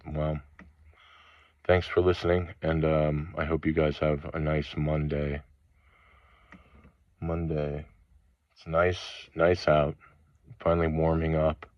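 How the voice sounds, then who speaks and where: A man with a low, heavy voice rants through a rambling spiritual monologue, swearing angrily and stopping between phrases. The recording is dull and lo-fi, with no room sound. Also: no room sound. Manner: angry, profane ranting with halting pauses. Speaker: channel host.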